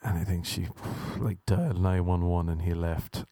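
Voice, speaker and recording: Low-voiced Irish man telling comic stories. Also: steady tone, normal speed, warm tone, dry recording. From Ireland. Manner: profane, rambling storyteller. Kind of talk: comic monologue.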